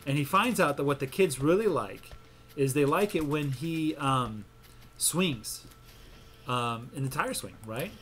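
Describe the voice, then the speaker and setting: A man's voice: a little high, lively intonation, unhurried, a bit bright. A man hosting a gameplay video, chatting casually and telling a long, rambling joke with lots of ums and restarts. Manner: rambling, self-interrupting storyteller. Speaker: gaming channel host.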